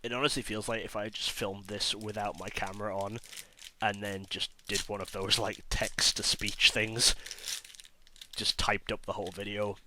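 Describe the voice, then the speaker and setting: A man hosting a card pack-opening video, hoarse from illness, chatting and mocking his own voice as he lists each card. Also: lowish voice, little pitch movement, moderate pace, noisy background. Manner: chatty, self-mocking, listing cards as he goes. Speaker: card-opening channel host. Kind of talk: casual pack-opening commentary.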